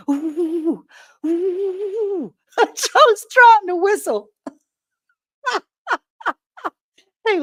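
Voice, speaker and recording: A woman hosting a casual live stream, telling animated stories in folksy words and laughing often as she greets viewers. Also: fairly high pitch. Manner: folksy, homespun talk.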